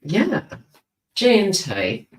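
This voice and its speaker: A woman's voice: mid-range voice, wildly swooping pitch, very slow, recorded from a distance. Woman, live tarot reader, rambling chatty delivery, roomy and off-mic. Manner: chatty, rambling, with frequent asides and restarts. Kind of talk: live-streamed tarot reading. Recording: roomy sound, voice away from the mic.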